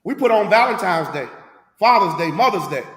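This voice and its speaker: A man's voice: high-pitched, expressive, fairly quick, fairly bright tone, roomy sound, big-room sound. A man leading a scripture class, preaching emphatically with rhetorical questions in a street-talk manner.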